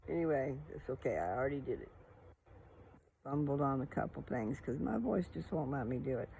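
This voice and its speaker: An older man in a casual vlog, chatting slowly about his plans while sitting outdoors, with a gravelly voice. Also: mid-range voice, lively intonation, phone-quality sound, a little hiss or hum. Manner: sings old songs slowly, then chats about breakfast. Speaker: vlogger. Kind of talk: casual monologue with singing. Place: outdoors sitting on a metal chair.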